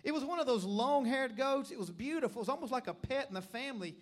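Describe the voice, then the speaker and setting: A man's voice: very high voice, animated, fast talker. A middle-aged man with a Tennessee accent, preaching a revival sermon in a church and telling stories emphatically. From Middle Tennessee, USA. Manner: emphatic, storytelling preacher who builds to shouted calls. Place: church service.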